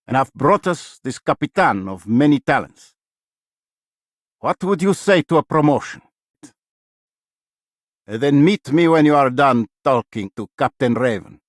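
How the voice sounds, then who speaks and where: A man voicing a formal, measured officer of a spy agency recruiting a privateer, recorded as dry studio takes. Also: mid-range voice, dry recording, close to an everyday voice. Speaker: game voice actor. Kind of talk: video game voice-over takes.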